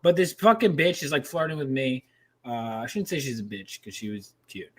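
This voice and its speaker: A man co-hosting a casual podcast, telling stories in a lively, profane way. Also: mid-range voice, moderate pace. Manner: animated, profane storyteller. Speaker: podcast co-host. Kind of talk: casual chat.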